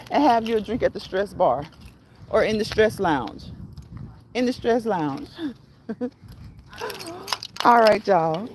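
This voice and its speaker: A woman hosts a casual live stream. She repeats her phrases and encourages her viewers, at a mid pitch for a woman. Faint noise sits under her voice. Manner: repetitive, encouraging, laughs at own phrases. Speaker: livestream host.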